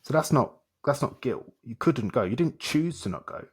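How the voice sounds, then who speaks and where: A man's voice: medium pitch, animated, moderate pace, husky. A man, a coach and guest in an interview, telling stories animatedly and acting out dialogue in short repeated phrases. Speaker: self-development coach, guest. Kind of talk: conversational storytelling in a podcast interview.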